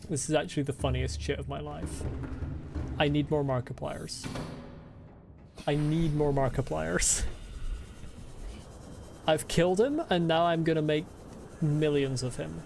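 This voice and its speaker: A woman's voice: deep voice, measured pace, creaky, pauses often, darkish tone, a little hiss or hum. A woman streaming a video game, chatting casually with giggly, rambling jokes to her chat. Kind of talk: casual gaming commentary.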